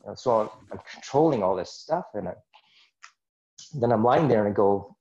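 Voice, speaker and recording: A man's voice: lowish voice, expressive, moderate pace, long pauses, warm tone, lo-fi sound. A man as a podcast guest, earnestly recounting a personal experience in a rambling, casual way with many asides. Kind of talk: personal storytelling in a casual interview.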